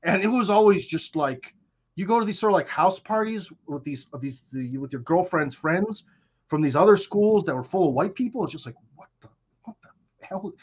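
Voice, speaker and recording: Brief: American male guest, higher-than-average voice, rambling slang-heavy storyteller, muffled lo-fi capture. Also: animated, fairly quick, husky. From United States. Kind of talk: casual conversational storytelling.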